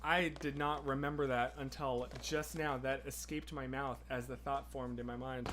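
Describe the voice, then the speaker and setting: A man hosting a casual livestream, chatting and answering viewer comments in an excitable, rambling way. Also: medium pitch, moderate pace, background noise. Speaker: livestream host.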